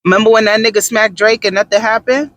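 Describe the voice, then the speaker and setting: A man doing sassy, animated gossip commentary in a casual vlog, with dramatic asides. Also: high-pitched, fast, dry recording. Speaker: vlogger.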